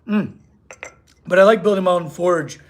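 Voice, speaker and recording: A man's voice: high voice, normal speed. A young man, a blacksmith in his home shop, chatting casually on a live stream and reading chat aloud. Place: home workshop.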